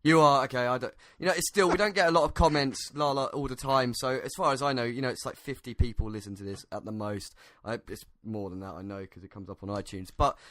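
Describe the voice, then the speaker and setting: Laid-back podcast host. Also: male voice, mid-range voice, fairly even intonation, fast, hardly any pauses, fairly bright tone, dry recording, clean studio sound. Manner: laid-back, laughing, rambling. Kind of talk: casual chat.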